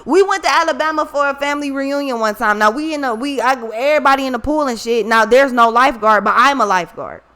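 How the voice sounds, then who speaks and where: Woman tarot reader going off at viewers, high voice, cussing, telling stories, bossy. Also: fast talker, few pauses, sharp tone. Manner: profane, scolding, storytelling. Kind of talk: blunt casual monologue to viewers.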